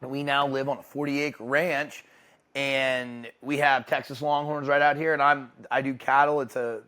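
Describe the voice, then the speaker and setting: Young guy being interviewed, halting, starts over a lot. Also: mid-range voice, little pitch movement, sharp tone. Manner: candid, halting, with frequent restarts. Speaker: guest. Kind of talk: casual interview talk. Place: ranch home.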